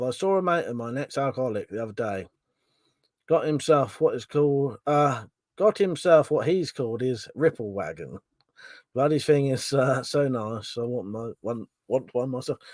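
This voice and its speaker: A man's voice: a little high, no room sound. Chatty man, dry sound. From southern England. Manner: chatty, laughs often, swears casually. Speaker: livestream host. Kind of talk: casual stream chat reading viewer comments.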